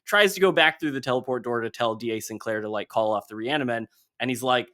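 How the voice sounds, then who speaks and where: A man's voice: mid-range voice, quick pace, few pauses. A man on a podcast, casually retelling a comic issue scene by scene and briefly acting out the characters' lines. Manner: animated storytelling, acting out comic dialogue in passing. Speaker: podcast host.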